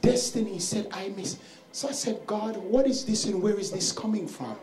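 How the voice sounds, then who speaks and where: A man's voice: sits high, normal speed. A man preaching as pastor, telling a family story to his congregation in a church service. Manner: shouting exhortations, then telling a family story. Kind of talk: sermon. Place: church sanctuary with music. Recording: echoey church with instrument behind.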